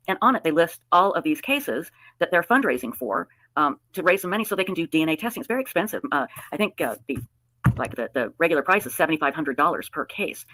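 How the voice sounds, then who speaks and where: Fast-talking woman with a slight lisp. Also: deep voice, sharp tone, no room sound, low-quality recording. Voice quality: slight lisp from new dentures. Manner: effusive, chatty. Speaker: livestream host. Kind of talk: casual live-stream chat.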